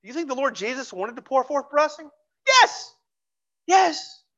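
A pastor preaching a sermon in a church, fervent and repeating phrases for emphasis, dropping to a hush for closing pleas. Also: sits high, very animated, a little slow, muffled recording. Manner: drops to a hushed voice for closing pleas. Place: church sanctuary.

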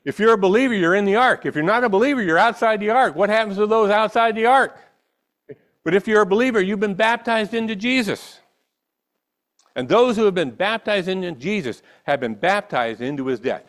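A man's voice: high-pitched, fairly quick, a bit bright. A man preaching a sermon, reading scripture and then pressing his listeners with rhetorical questions and emphatic repetition. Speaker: pastor.

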